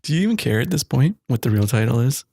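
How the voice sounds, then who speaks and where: A man's voice: medium pitch, sing-song, fast talker, gravelly, a little mellow, breathy edge, no echo. A man co-hosting a podcast in casual chat, rambling and laughing often. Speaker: podcast co-host. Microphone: studio mic.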